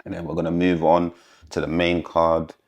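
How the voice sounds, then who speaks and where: A man's voice: low voice, completely flat delivery, moderate pace. A man casually giving fight predictions on his own channel, rambling and hesitant with frequent ums. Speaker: MMA predictions YouTuber.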